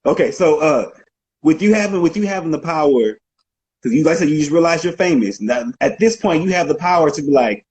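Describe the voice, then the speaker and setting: A man hosting a casual interview, who speaks slowly and repeats himself as he asks questions. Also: fairly high pitch, very animated, darkish tone, rough recording. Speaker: podcast host.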